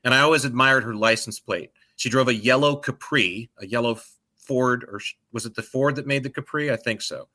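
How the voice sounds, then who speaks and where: A man's voice: medium pitch, brisk, bright, forceful tone. A middle-aged man co-hosting a podcast in casual chat, ranting with profanity and sarcasm. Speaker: podcast co-host.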